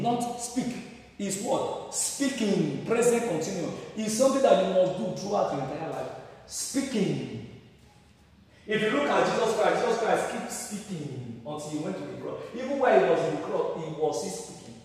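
A Nigerian man preaches a sermon with a high voice, calling out questions and pushing to loud emphatic peaks. He sounds far from the mic in a large hall with heavy echo and a long reverb tail. The recording is roomy and distant. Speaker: pastor.

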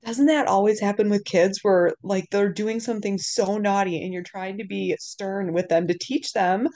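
A woman's voice: mid-range voice, steady tone, moderate pace, mellow. A woman in her thirties co-hosting a podcast, chatting about her young sons with easygoing, self-deprecating humor. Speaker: podcast co-host. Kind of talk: casual chat.

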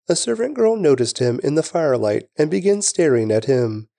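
Guy reading bible verses, mellow tone, dry close sound. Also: on the high side, very animated, creaky, no room sound. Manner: measured, reverent reading. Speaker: scripture reader. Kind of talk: steady scripture reading.

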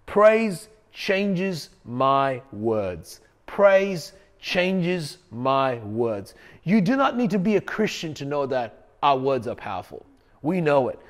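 A male pastor preaching a sermon in an emphatic, conversational way, repeating key phrases. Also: mid-range voice.

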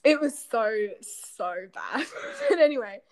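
A woman's voice: high-pitched, huge pitch swings, takes it slowly, darkish tone. A young woman, co-hosting a podcast and telling a story in casual chat, giggly and self-mocking. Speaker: podcast co-host. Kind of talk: casual chat between friends.

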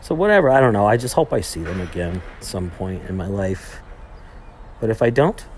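A man's voice: lowish voice, big pitch swings, a little fast, a little mellow, a little hiss or hum. A young man hosting a podcast, telling a trip story in a rambling casual way, full of fillers and restarts. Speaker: podcast host. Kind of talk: casual monologue, retelling a trip.

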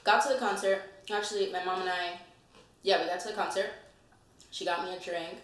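A woman chatting casually, telling a story in an animated way and laughing often. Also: fairly low pitch, a little fast. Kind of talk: casual chat. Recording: echoey room, far mic, faint noise.

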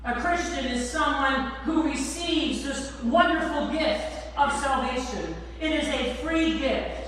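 Preaching in a big church hall, a high-voiced woman with a slightly bright tone speaks with slow emphasis and lets her line endings linger. The mic sits at a distance, so her sermon carries a long echo over faint background room noise.

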